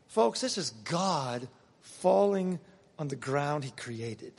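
A man preaching a sermon and reading scripture aloud, emphatic, swinging between loud passages and hushed ones. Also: a little high, lively intonation, slow, gravelly. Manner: dramatic reading of scripture quotes. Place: church. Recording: long reverb of a church hall.

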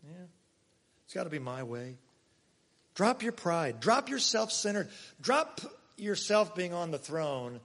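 Male pastor, fairly high voice, long church reverb, chatty sermon with big loud-soft swings. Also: sing-song, takes it slowly, long pauses. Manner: conversational preaching with sudden swings between loud and soft.

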